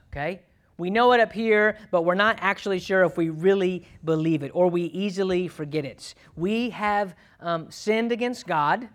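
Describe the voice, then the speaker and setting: A man's voice: sits high, fairly bright tone. A man preaching a sermon in an emphatic, conversational way, often checking in with "okay?" and "right?". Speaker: pastor.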